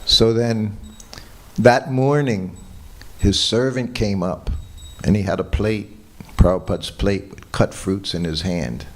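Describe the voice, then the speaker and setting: A man's voice: fairly low pitch, measured pace. An older man giving a morning class at a temple, telling personal stories in a reminiscing, chuckling way. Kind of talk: anecdotal temple lecture. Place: temple hall.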